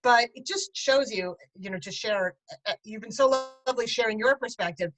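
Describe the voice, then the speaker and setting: A middle-aged woman tells her story with animated, chatty energy. Her voice sits fairly high, and she breaks into laughter at times as she talks with an interviewer. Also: moderate pace, over music, low-quality recording. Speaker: guest, parent and writer. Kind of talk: conversational interview.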